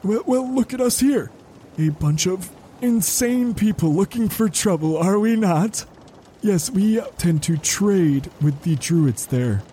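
A man voicing an evasive ship captain who talks in a placating, drawn-out way. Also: sits high, expressive, dark tone, slight background noise. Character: smooth-talking male ship captain, evasive.

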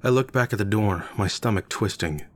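A man's voice: fairly low pitch, a little fast, a little hiss or hum. A man narrating a first-person story in a casual, wry way.

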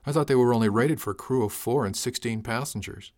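A man narrating a science fiction audiobook in the first person, dry and steady. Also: mid-range voice, quick pace.

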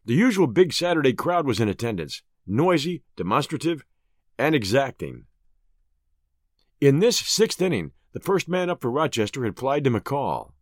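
A man hosting and narrating a classic short story audiobook with clear, expressive reading. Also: mid-range voice, normal speed, no echo, clean studio sound.

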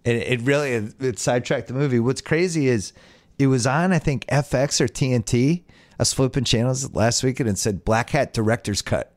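A man's voice: mid-range voice, normal speed. A man hosting a casual sports podcast, reading out listener questions and giving wry, opinionated answers. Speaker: podcast host.

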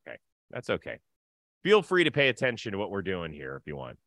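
A bright, forceful male voice hosts a baseball talk show, upbeat and teasing as he reads a sponsor spot. The sound is dry and close, with no room in it. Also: sits low, wildly swooping pitch, fast talker, dry recording. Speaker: podcast host. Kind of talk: casual baseball talk and ad read.

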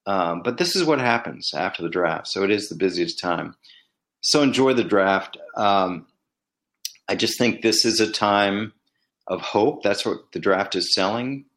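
A middle-aged man with a fairly low voice shares stories from his years as a team executive. He talks casually, like he's chatting with a listener. When he quotes people in his stories, his pitch jumps up. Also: expressive, unhurried, fairly bright tone. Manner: conversational storyteller, acts out quoted dialogue with rising pitch. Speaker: former team executive turned commentator. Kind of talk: casual solo commentary.

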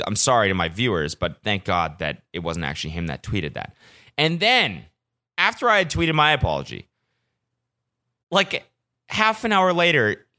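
A man's voice: mid-range voice, sharp tone. A young man hosting a podcast, ranting casually with profanity and self-mocking storytelling. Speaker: podcast host. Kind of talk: casual solo podcast rant.

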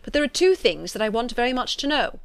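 A woman's voice: a little high, very animated, fast talker, no room sound, voice pushed up. A woman reading a classic novel aloud, voicing a weary, sardonic older father in a dry, plain delivery.

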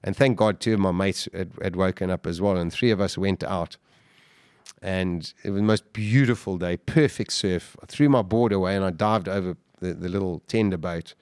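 Brief: low-voiced male guest, intense storyteller, stumbles and restarts, dry close mic. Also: a little mellow, smooth, dry recording. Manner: intense, halting with repeated restarts. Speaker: podcast guest. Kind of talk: emotional storytelling interview.

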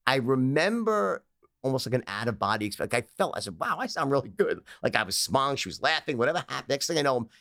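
An American man in an interview who spins animated, anecdote-driven stories. His pitch swings widely as he acts out the characters, and he breaks into laughter often. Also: fast talker. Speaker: guest. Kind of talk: storytelling in a casual interview.

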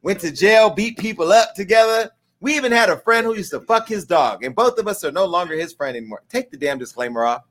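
A man's voice: high voice, expressive, fast talker, hardly any pauses, fairly bright tone. A man hosting a live-streamed show, talking in brash, profane, rambling banter with his audience and crew. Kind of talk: casual live-stream talk.

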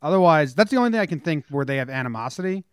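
A young man co-hosting a sports podcast, talking in a quick, opinionated, loose way. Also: fairly high pitch, lively intonation, smooth, no echo, studio quality. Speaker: podcast co-host. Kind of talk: casual sports podcast chat.

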